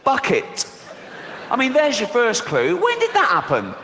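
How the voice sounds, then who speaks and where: A man's voice: very high-pitched, wildly swooping pitch, measured pace, pushed and bright. Sardonic British man doing stand-up. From Britain. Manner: mocking, sardonic, swearing freely. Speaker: stand-up comedian. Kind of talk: live stand-up routine. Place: theater stage before a laughing audience. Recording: long hall reverb, faint noise.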